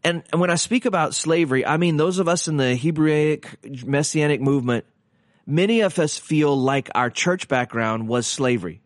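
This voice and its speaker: A fairly high-voiced man talks through a podcast teaching in a casual, earnest way. He restarts sentences often and leans on rhetorical questions. The recording is close and dry. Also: normal speed, dry recording.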